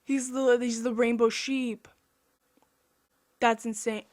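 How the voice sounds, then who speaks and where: Young woman, artist vlogger, unhurried higher voice, rambling self-mocking chatter. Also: little pitch movement, a little mellow. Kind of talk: casual voice-over chat.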